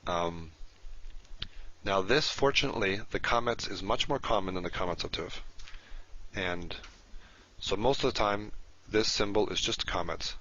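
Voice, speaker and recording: A man with a very low voice delivers a recorded lesson, walking through each point patiently and circling back to repeat the key terms. The recording is dull and lo-fi. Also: a little slow, pauses often, bright, forceful tone. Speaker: Hebrew teacher. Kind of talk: recorded lecture.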